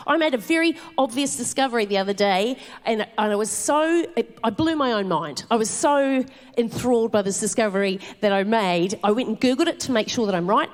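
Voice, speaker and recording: Animated New Zealand woman telling stand-up stories. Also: a little high. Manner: animated storytelling with swearing and laughter. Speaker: stand-up comedian. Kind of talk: live stand-up set. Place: theatre stage before a live audience.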